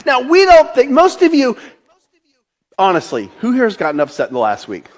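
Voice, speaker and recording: A man's voice: very high voice, huge pitch swings, moderate pace. A man in his forties with a Delaware accent, a pastor giving a casual, conversational sermon, laughing often and restarting his sentences. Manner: chatty, laughs often, many restarts and fillers.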